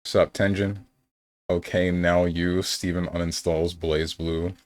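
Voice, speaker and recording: Speaking slowly in a low voice with little pitch movement, a young man streams games and chats casually. His live-stream talk is rambling and playful, like he's thinking aloud, and there's no room sound.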